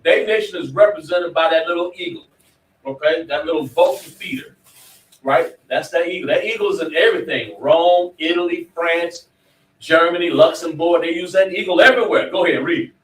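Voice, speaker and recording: A man's voice: a little high, normal speed. Emphatic man teaching in an echoey room. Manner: emphatic, quizzes students directly. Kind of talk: preaching classroom lecture. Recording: echoey room, mic far off.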